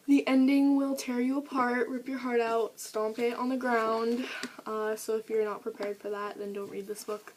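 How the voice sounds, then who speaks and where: A woman's voice: a little high, little pitch movement, normal speed, a little mellow, slight background noise, rough recording. A teenage girl chatting eagerly about her favorite books, with lots of fillers, recorded on a camera mic. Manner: gushing, chatty, many fillers. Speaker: book vlogger. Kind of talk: casual book review vlog.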